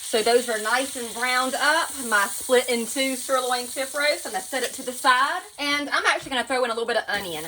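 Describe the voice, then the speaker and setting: A woman's voice: sits high, a little fast, hardly any pauses, bright, forceful tone, a little hiss or hum, rough recording. A woman with a Southern US accent, chatting casually to viewers while she cooks in her home kitchen. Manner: chatty, folksy, talks to viewers as y'all. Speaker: home cook. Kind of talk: casual cooking vlog narration.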